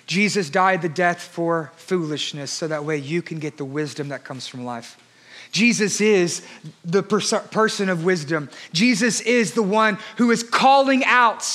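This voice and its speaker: Pastor guy preaching, really high voice, shouts then drops way down soft. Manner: swings from loud shouted preaching to hushed quiet delivery. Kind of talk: sermon.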